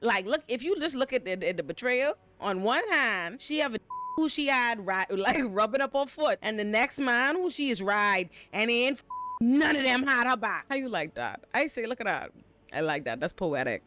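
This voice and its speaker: A woman hosting a casual TV recap, talking in a brash, profane, slangy and animated way. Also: on the high side. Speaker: show recap host.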